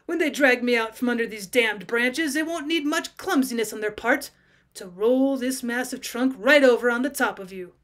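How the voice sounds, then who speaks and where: A woman's voice: fairly high pitch, normal speed, lightly acted. Georg, a bitter trapped poacher, read by a woman. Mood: menacing. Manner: quiet and menacing. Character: bitter trapped forest poacher, grim man.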